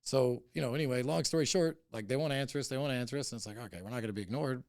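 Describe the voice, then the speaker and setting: Middle-aged man, podcast guest: gravelly, rapid-fire, blunt and profane, telling it heated. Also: medium pitch, darkish tone, dry recording, studio quality. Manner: blunt, heavy swearing, heated. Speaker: cannabis company CEO, podcast guest. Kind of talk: casual interview storytelling.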